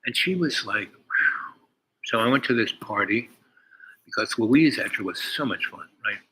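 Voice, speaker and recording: A man's voice: on the low side, animated, moderate pace, sharp tone, a little hiss or hum, rough recording. An older man telling a meandering personal story, full of fillers and asides. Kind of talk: rambling personal anecdote.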